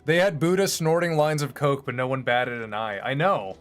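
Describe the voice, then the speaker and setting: A man's voice: medium pitch, normal speed, faint music behind. A man streaming, chatting casually in a rambling, opinionated, profane way. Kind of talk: casual chat while streaming.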